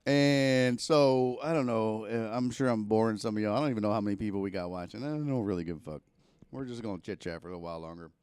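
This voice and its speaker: Fast and smooth, with a fairly low pitch and no echo, a man hosts a casual sports talk livestream. Profane and animated, he rambles into a mic connected to his camera.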